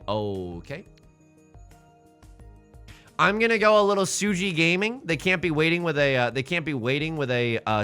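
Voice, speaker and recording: A young man giving casual, rambling commentary as he plays a tile game, excitable and self-deprecating, often repeating his words. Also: fairly high pitch. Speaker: let's play host.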